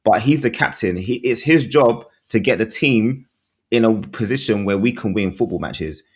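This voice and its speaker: A man co-hosts a football podcast, chatting casually as a football fan in a voice on the low side, slightly rough and at a moderate pace. He's earnest, full of ums and other fillers, and talks things through as he goes.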